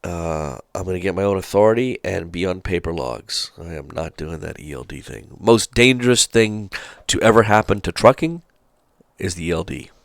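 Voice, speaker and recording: Gravelly low-voiced man, folksy rambling. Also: expressive, moderate pace, no room sound, studio quality. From Charleston, South Carolina. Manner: rambling, many fillers, folksy asides. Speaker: trucking channel host. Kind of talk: casual rambling commentary.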